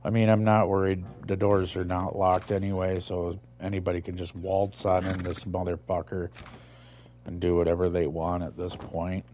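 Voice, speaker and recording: A man's voice: deep voice, flat delivery, normal speed, warm tone. A man giving casual, profane, rambling commentary while playing a video game, hosting his own channel. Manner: profane, rambling, laid-back. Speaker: gaming channel host.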